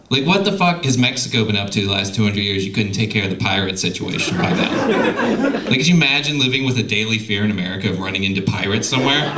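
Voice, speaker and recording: A young male stand-up comedian telling profane, animated stories on a comedy club stage into a handheld mic. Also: mid-range voice. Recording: loud noisy live club recording.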